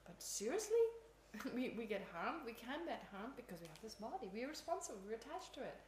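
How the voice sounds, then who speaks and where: Woman, Buddhist teacher, informal talk, self-mocking, higher voice, roomy echo, faint background hum. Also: sing-song, brisk, a little mellow. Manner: chatty, laughs often, self-mocking. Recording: echoey room, faint ambience.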